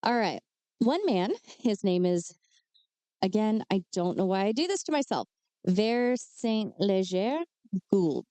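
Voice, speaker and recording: A woman's voice: medium pitch, big pitch swings, moderate pace, dark tone, no echo. A woman co-hosting a podcast, telling true crime cases in a casual way with chatty asides. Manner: reads case details with chatty asides and fillers. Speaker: podcast co-host.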